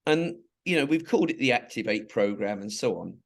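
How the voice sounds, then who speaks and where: A man's voice: mid-range voice, animated, brisk, gravelly. A middle-aged or older man from England, telling stories in a rambling interview style with many restarts and asides. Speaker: interviewee, charity founder. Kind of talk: conversational interview storytelling.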